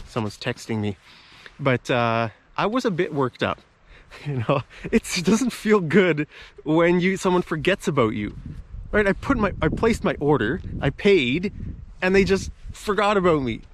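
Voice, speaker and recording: A man's voice: fairly high pitch, animated, unhurried, long pauses. Man, casual English lesson vlog, outdoor walk, self-filmed camera, faint background noise, chatty and explanatory. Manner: chatty, explains words as he goes. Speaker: English teacher vlogger. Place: outdoors in a park with bushes and a bridge.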